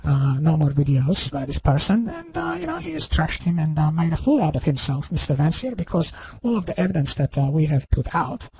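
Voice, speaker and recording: Husky man in a halting rant. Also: fairly high pitch, very animated, mellow, low-quality recording. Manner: halting, heavy on fillers and restarts; accusing and indignant. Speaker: online video commentator. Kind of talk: unscripted accusatory monologue.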